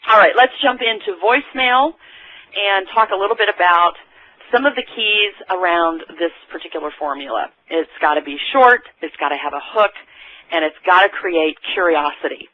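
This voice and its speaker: A sales trainer talks through phone techniques in a loose, conversational way, often stopping and restarting mid-sentence. The recording is dull and lo-fi, and the voice sounds dry and close with no room echo. The pitch sits in a middle range. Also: expressive, moderate pace.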